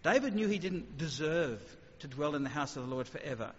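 Animated male speaker in a reverberant hall. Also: on the high side, fairly quick. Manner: animated, conversational, sudden acted asides. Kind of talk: evangelistic talk with questions. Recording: muffled hall recording with faint noise.

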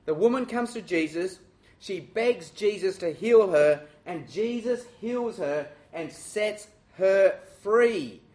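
Lively Australian man preaching a sermon. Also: high-pitched, takes it slowly. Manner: lively, self-mocking and direct.

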